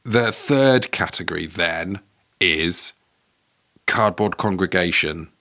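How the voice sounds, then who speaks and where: A man's voice: sits low, sharp tone, no room sound, clean studio sound. A man co-hosting a comedy podcast, chatting playfully and teasing his co-host. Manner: playful, teasing, quick to joke. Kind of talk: comedic casual chat.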